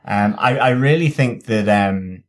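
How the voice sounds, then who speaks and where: Rambling, low-voiced male co-host. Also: a little slow. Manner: rambling, many fillers and stammers. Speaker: podcast co-host. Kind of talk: casual review chat.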